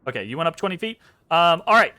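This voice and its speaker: A man's voice: on the high side, fast. A man running a tabletop game as game master, narrating animatedly with frequent ums and swearing. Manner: animated, profane, lots of ums.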